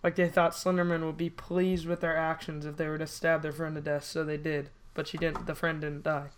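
A young woman co-hosting a casual podcast, reading a creepy internet story aloud in a halting way with restarts and self-corrections. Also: low-pitched, level tone. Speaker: podcast co-host.

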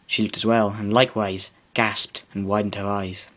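A man's voice: lowish voice, flat delivery, moderate pace, fairly bright tone. A man reading comic extracts from his own story aloud and closing with a podcast sign-off. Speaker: reader and podcast host.

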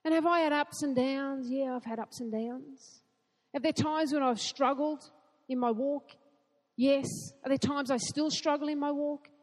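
A woman preaching a sermon in an earnest way, asking rhetorical questions and building to excited emphasis. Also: sits high, unhurried, in a large hall.

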